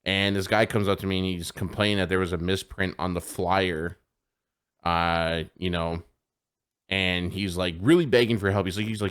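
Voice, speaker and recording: A man with a fairly low voice chatting on a live podcast. He rambles through a story full of filler words and swearing, laughing along at his own anecdote in a loose, casual chat. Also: moderate pace, fairly bright tone. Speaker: podcast co-host. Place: home streaming setup.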